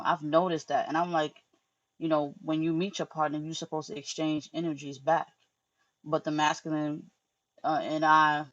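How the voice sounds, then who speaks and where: Profane, animated woman spiritual vlogger. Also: sits low, dry recording, muffled recording. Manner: loose, profane, animated storytelling. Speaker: spiritual teacher. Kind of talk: casual spiritual monologue.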